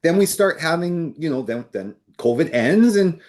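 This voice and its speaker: A man's voice: fairly high pitch, animated, normal speed, darkish tone. A man co-hosting a real estate podcast, speaking bluntly and emphatically. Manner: blunt, emphatic, impatient with hesitant buyers. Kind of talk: casual podcast chat.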